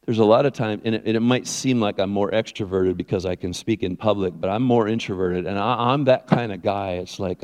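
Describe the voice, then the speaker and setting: Conversational preacher in a reverberant hall. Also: male voice, fairly low pitch, a little fast, hardly any pauses. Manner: animated, conversational preaching with frequent restarts. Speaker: pastor. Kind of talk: sermon.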